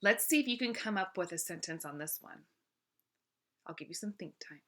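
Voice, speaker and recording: A woman teaching a grammar lesson, speaking clearly and encouragingly and drawing out each example word. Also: fairly low pitch, lively intonation, a little fast, a bit bright.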